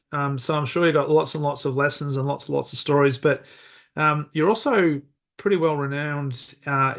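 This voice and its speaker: A man with an Australian accent hosting a podcast interview, upbeat and welcoming, often restarting his sentences. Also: mid-range voice. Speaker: podcast host.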